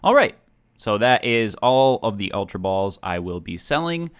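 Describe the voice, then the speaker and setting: A man's voice: lowish voice, big pitch swings, moderate pace, soft background music. A young man hosting a gaming channel, chatting through his gameplay in a rambling, self-deprecating way. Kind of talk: video game commentary.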